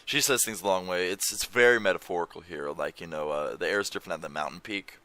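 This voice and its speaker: A man's voice: deep voice, fast, pushed and bright, dry recording. A young man chatting casually at home while showing videos on screen, rambling and swearing offhandedly. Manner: rambling, swears casually, reads foreign lyrics aloud. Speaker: language-learning vlogger. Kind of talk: casual screen-share chat. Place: home room.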